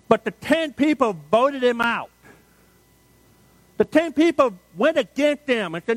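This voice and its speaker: A pastor preaching a sermon, telling the story dramatically and repeating refrains for emphasis. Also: male voice, extremely high pitch, lively intonation, unhurried, pauses often, no room sound.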